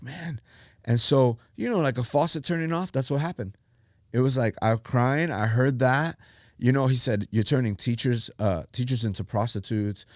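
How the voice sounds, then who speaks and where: A middle-aged man, a pastor, telling his life story in animated casual talk and acting out the voices he quotes. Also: mid-range voice, dry recording, clean studio sound. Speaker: pastor, podcast guest.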